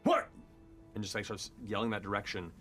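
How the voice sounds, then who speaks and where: A game master describes the scene in a loose, casual way, pausing on fillers. Music plays clearly underneath the voice. The delivery is relaxed and unhurried. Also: mid-range voice. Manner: casual, hesitant with many fillers. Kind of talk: narrating a tabletop game.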